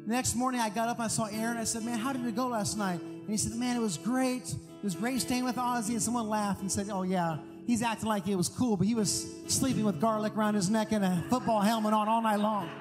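A man preaching a sermon as pastor, telling stories in an animated, emphatic way. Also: high voice, fairly quick, hardly any pauses. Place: large church hall. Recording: long hall reverb with music. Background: guitar music.

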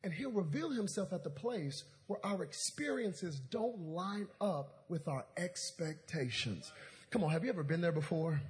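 A man's voice: high voice, lively intonation, moderate pace. A male pastor in his thirties preaching a sermon in a church auditorium, telling comedic stories with call-and-response.

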